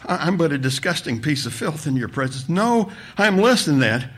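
Guy doing a stuttering groveling little man, voice pushed up high, begging sorry sorry sorry. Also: sing-song, brisk, a bit bright, slightly rough, exaggerated voice. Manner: stammering, blubbering, sobbing apologies. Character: nervous groveling man, stammering and self-abasing.

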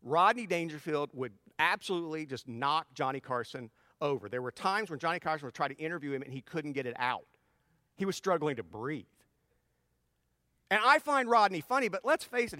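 A middle-aged man talks to his audience in a relaxed, advice-giving way, often restarting his sentences as he tells stories. His voice sits high and swings widely in pitch. It has a bright edge and sounds close and dry. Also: normal speed, no echo. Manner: animated storyteller with frequent restarts. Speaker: speaker addressing his audience. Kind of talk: casual advice talk with personal stories.

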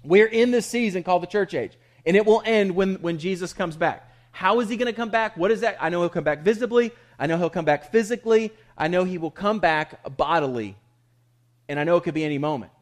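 A man's voice: high voice, animated, brisk. A man preaching a sermon in a conversational, emphatic way, asking questions and answering them himself. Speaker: pastor.

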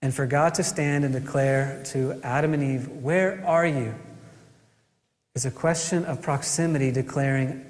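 A man preaching a sermon as a pastor, earnest, asking rhetorical questions and pausing for effect. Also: a little high, in a large hall.

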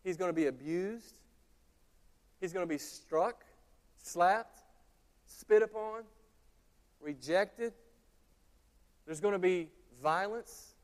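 A man in his thirties delivers a sermon to his church, his voice sitting notably high. He tells stories in a chatty, animated way and keeps turning to the congregation with asides. The sound carries a long reverb from the church hall. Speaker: pastor. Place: church sanctuary.

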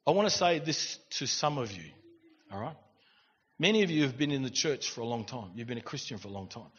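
A middle-aged man, preaching a sermon and telling stories in an animated way with quiet asides. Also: on the high side. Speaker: pastor. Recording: dull recording in a reverberant church hall.

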